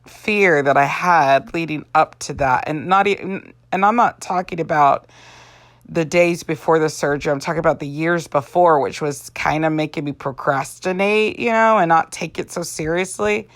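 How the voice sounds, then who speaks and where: In a deep voice at normal speed, a woman in her forties chats while doing her makeup for a casual vlog. She's an Avon representative, tired and yawning, rambling with lots of fillers, and the recording is dry.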